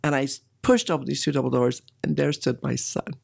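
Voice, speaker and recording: A woman's voice: extremely low pitch, steady tone, fairly quick, creaky, few pauses, a little mellow, husky. A middle-aged woman candidly telling a personal story in an interview, with emotion and occasional laughter.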